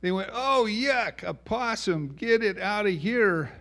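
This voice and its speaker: A man singing a simple folk song loudly and slowly, with long drawn-out words. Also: high voice, animated. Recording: guitar accompaniment.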